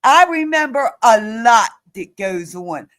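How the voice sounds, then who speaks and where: Woman, live streamer, heated rant, pleading, profane, sniffly, slow delivery. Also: a little high, animated, fairly bright tone. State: sniffly, blowing nose.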